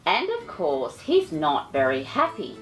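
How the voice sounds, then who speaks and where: A woman's voice: deep voice, wildly swooping pitch, measured pace, fairly bright tone, soft background music. A woman reading a children's picture book aloud as host, theatrical, with affectionate asides to her listeners.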